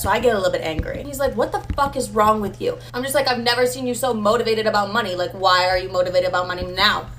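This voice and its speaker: A woman's voice: fairly high pitch, quick pace, few pauses, fairly bright tone, a little hiss or hum. Chatty young woman telling a storytime. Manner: chatty, profane, full of "like". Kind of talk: casual storytime.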